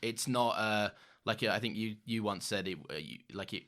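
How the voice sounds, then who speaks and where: A man co-hosting a podcast in casual chat, teasing and quick to laugh, with a bad cough. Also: on the low side, a bit bright. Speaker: podcast co-host.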